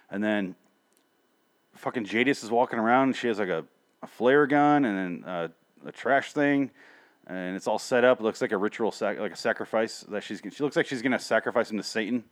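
Low-voiced man recapping with profane sarcasm. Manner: rambling, sarcastic, swears often, frequent restarts. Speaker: show host reviewing TV episodes. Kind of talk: casual profane rambling recap.

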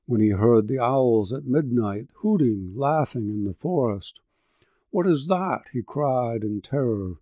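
Slow, mellow male poetry reader. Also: medium pitch, dry recording. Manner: measured, rhythmic verse delivery. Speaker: narrator. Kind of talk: narrative poetry reading.

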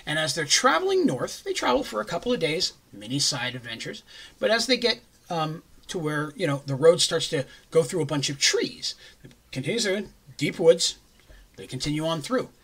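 A man's voice: on the high side, sing-song, moderate pace, a bit bright, breathy edge. A man recapping a tabletop campaign in a casual, rambling way, with jokey asides. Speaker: game master recapping a campaign.

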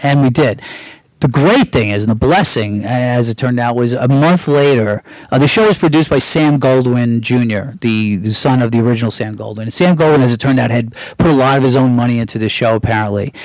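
Middle-aged American man as interview guest, mid-pitched, rambling story style, close dry recording. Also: brisk, a little mellow, no echo, rough recording. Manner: rambling with restarts and acted-out quotes. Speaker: guest screenwriter. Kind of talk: casual anecdotal storytelling.

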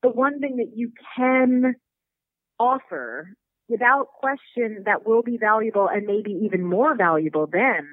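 A woman's voice: fairly high pitch, animated, unhurried, dry recording. A woman speaking as a guest expert on emotional intelligence, coaching earnestly and acting out little quotes. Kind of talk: podcast conversation. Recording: tinny phone line, dry.

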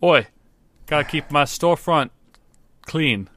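A man doing a loud street sweeper. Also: fairly high pitch, lively intonation, slow pace, a little hiss or hum, pitched above the performer's own voice. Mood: gruff. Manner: blunt, loud, clipped grammar.

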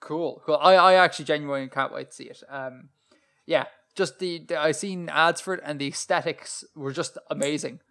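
A man with a somewhat high voice co-hosts a podcast. He keeps the conversation going in an easy, chatty way, reacting to his partner and asking follow-up questions. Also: moderate pace, vocal fry, bright, forceful tone. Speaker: podcast co-host. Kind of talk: casual chat.

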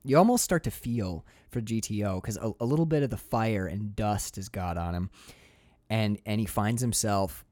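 A man hosting a casual chat about a film, excitable and swearing freely as he acts out scenes. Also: lowish voice, moderate pace, no echo, studio quality.

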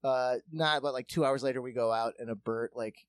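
A man's voice: mid-range voice, brisk, dry recording, studio quality. A man telling a long story in casual comedic chat, swearing freely and acting out what others said. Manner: profane, animated, acts out quotes.

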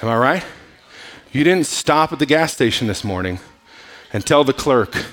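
A man's voice: mid-range voice, animated, normal speed, a bit bright. A male pastor preaching a sermon at a church service, joking and drawing responses from the congregation.

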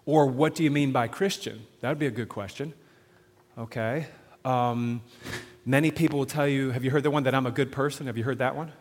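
A man preaching to a live audience on sharing faith, animated, often asking the crowd questions and checking in with "okay?". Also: mid-range voice, a little fast. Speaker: evangelism speaker. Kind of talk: sermon-style teaching to an audience. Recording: long hall reverb.

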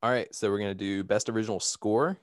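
A man with a somewhat low voice hosts a relaxed chat, reading lists of nominees and breaking into laughter now and then. His delivery is easygoing, and the recording sounds dry and close. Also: fast, no room sound. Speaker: podcast host. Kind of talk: casual chat.

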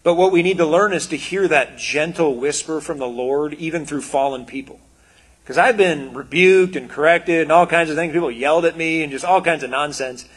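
A man giving a casual, conversational sermon, animated and full of quoted asides. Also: a little high, moderate pace. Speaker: preacher.

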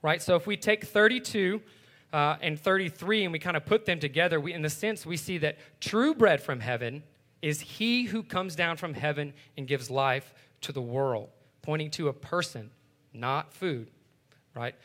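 A man with a fairly high, bright, forceful voice walks his listeners through a Bible passage. He explains it casually, like everyday talk, and keeps checking in with a quick "right?". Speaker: Bible teacher. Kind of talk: conversational Bible teaching.

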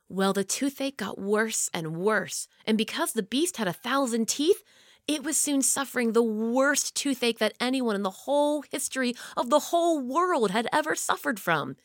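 Expressive woman reading a children's story. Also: normal speed, no echo, clean studio sound. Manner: expressive, dropping low and quiet for suspense.

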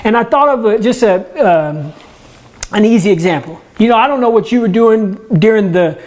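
In a high, darkish, animated voice at normal speed, a man who leads a church ministry gives an informal sermon from home. He talks conversationally, restarts words often and leans on self-deprecating humor.

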